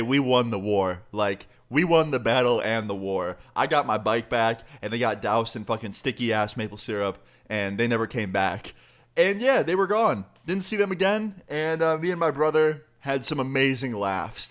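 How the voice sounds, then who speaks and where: Young man, storytime vlogger, casual, profane, animated retelling. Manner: profane, animated, quotes people with pitch jumps.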